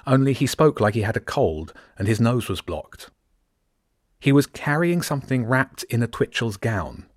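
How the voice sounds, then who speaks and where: This is a man narrating an audiobook in a steady, measured storytelling voice of medium pitch. The recording is dry and studio quality.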